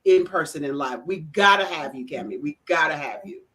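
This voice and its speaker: A woman who organizes events speaks on a video-call talk show in a slow, emphatic, deliberate way. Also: sits low, fairly bright tone. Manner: emphatic, deliberate, drawn-out phrasing.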